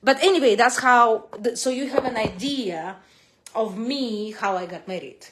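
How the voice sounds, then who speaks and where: Animated woman with a Russian accent. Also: a little slow, a little hiss or hum. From Kazakhstan. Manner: animated, big swings in pitch and loudness, non-native grammar. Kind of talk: casual personal storytelling to camera.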